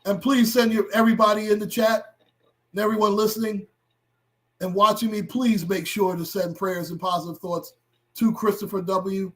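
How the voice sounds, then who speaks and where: A middle-aged man hosting a livestream and talking to his chat, impassioned and blunt, with profanity that builds into shouting. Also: sits high, steady tone, normal speed. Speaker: livestream host.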